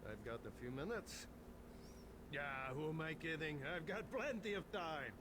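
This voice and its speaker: A man's voice: fairly high pitch, normal speed, lightly acted. An actor playing a chatty, boastful male mine lookout in a video game, cracking crude jokes. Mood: cocky. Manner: joking, boastful, crude humor. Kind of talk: video game character dialogue. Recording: game audio with steady background noise.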